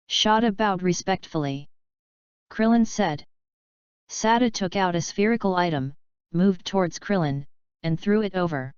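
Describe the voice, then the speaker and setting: Woman audiobook narrator, steady, dull lo-fi recording. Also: lowish voice, measured pace, long pauses, smooth, no echo. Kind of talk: audiobook reading.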